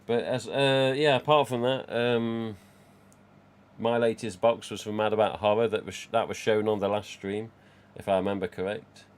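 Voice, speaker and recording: A man's voice: fairly low pitch, steady tone, normal speed. A man, casually chatting and rambling on a live stream from home. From England. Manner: rambling, chatty, reads out chat.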